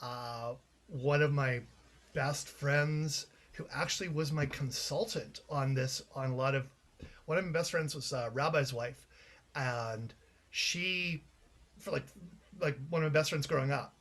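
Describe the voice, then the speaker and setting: A man's voice: medium pitch, unhurried, a bit bright. A man from Canada, a playwright being interviewed, telling anecdotes in a chatty way with frequent restarts. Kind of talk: casual interview chat.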